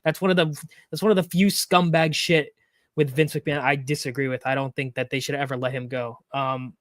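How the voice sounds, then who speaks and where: A man's voice: medium pitch, steady tone, brisk, fairly bright tone, no echo, clean studio sound. Blunt, swearing man on a podcast. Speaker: podcast host. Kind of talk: casual chat.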